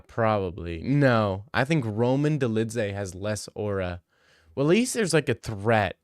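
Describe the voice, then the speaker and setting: A young man chats casually on a livestream, reading viewer questions aloud and riffing back in loose slang. His voice sits on the low side and sounds smooth and clear. The sound is close and dry. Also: no room sound. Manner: slangy, joking, reads chat questions aloud then riffs. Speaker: livestream host answering chat.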